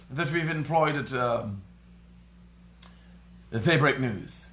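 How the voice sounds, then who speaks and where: Lively Guyanese man, Creole banter. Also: mid-range voice, measured pace, long pauses, reverberant, slight background noise. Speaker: live show host. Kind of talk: casual live commentary.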